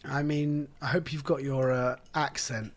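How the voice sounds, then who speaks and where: A man's voice: mid-range voice, fairly even intonation, measured pace. A man co-hosting a comedy podcast, giving wry comments in casual banter and stumbling over restarts. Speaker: podcast co-host.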